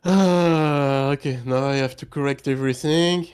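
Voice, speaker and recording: A man's voice: a little high, a little slow, a little mellow, clean tone. A man chatting casually on a live stream, easygoing and teasing.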